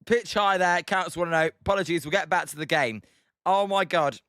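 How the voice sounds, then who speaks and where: A man's voice: sits high, fairly quick, sharp tone, clean tone, dry recording, clean studio sound. A British man giving casual live-stream baseball commentary, chatting and swearing often while reading out the chat.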